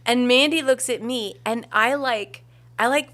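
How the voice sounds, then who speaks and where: A woman's voice: a little high, unhurried, fairly bright tone. A woman about to turn fifty, co-hosting a podcast, telling a story in easy casual chat and laughing readily. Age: 40s. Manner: storytelling, laughs easily, trailing off. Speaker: podcast co-host.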